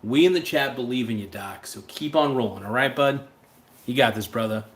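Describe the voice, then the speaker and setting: A man's voice: medium pitch, brisk. A man hosting a livestream, talking in a casual, rambling and blunt way and answering viewer chats. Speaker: livestream host.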